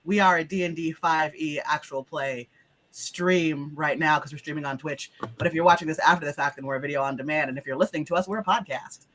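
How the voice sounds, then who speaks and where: A woman hosting as game master, her voice lower than usual because she is sick, in a chatty opening. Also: brisk, fairly bright tone, slight background noise. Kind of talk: casual stream opening.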